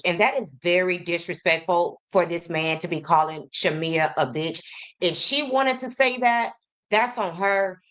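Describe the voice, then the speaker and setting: A woman's voice: fairly low pitch, a bit bright. A woman commentator giving casual, opinionated gossip commentary to her viewers.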